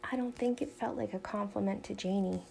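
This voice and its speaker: A woman voicing a patient mother who corrects her children calmly in a storybook reading. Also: mid-range voice, fairly quick, gravelly, breathy edge. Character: patient, gently firm mother.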